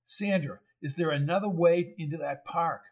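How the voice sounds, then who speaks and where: A man reading a steady coach. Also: fairly high pitch, moderate pace, natural voice. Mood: commanding. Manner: plain and direct. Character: steady male football coach, calm under fire.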